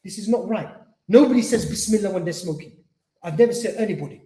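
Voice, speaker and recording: A male Islamic teacher lecturing in an echoey centre hall. He talks quickly in a mellow, slightly high voice, keeping it conversational and acting out short exchanges. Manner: conversational, acts out dialogues, repeats "you see". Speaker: Islamic teacher and spiritual healer. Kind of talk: mosque lecture.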